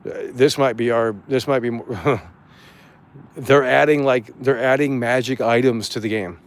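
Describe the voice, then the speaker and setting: A man streaming live, chatting casually and reacting to chat in an excitable, profane way with frequent stammered restarts. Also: mid-range voice, measured pace. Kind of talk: casual livestream commentary reading chat.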